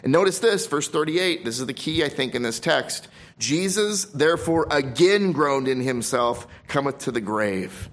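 Preaching man, loud stresses and hushed drops. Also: a little high, expressive, moderate pace. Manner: emphatic preaching, swinging between loud stresses and quiet drops; reads scripture aloud in King James wording. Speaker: pastor. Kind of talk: sermon.

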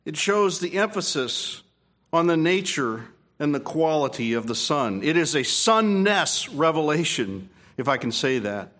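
High-voiced man preaching emphatically. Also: very animated, measured pace. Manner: emphatic preaching with rising peaks and quiet asides; repeats and restarts phrases, asks the room questions. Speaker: pastor. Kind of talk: expository sermon.

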